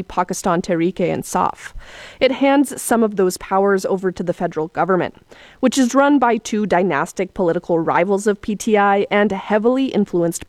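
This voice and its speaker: A woman's voice: medium pitch, darkish tone, no room sound. Woman correspondent filing a news report. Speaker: foreign correspondent.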